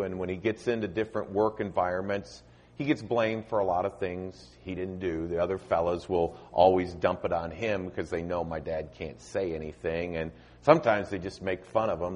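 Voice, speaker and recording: Low husky preacher man. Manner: dramatic pauses, voice dropping soft at line ends. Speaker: visiting preacher. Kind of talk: sermon and altar invitation. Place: church auditorium.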